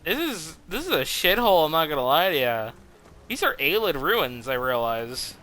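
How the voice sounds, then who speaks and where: Male game streamer, swears a lot; bright, crisp, slightly high voice. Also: very animated, normal speed. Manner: rambling, profane, restarts often. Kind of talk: casual game commentary.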